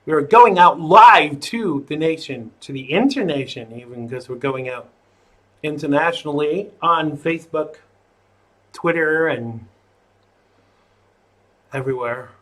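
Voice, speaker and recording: Slow, chatty man hosting a livestream. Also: a little high, lively intonation, a bit bright. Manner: rambling, jokey, chatty asides. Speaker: host of a live online talk show. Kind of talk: casual livestream chat.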